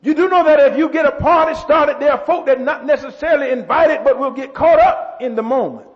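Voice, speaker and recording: A pastor preaching a sermon. He builds to shouts, repeats words and calls out to the congregation. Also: very high voice, brisk. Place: church. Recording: muffled church hall with long echo.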